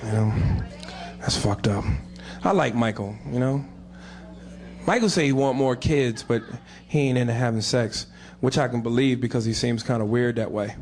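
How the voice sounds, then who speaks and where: A man's voice: medium pitch, normal speed, a little mellow. A male comedian doing a blunt, crude stand-up routine.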